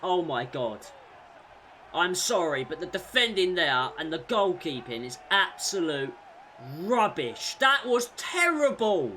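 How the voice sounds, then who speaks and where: A man commentating on his own football video game career mode, shouting at goals and groaning at defensive mistakes. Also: a little high, measured pace, a little hiss or hum. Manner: excitable, shouts at big moments, groans at mistakes. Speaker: gaming YouTuber.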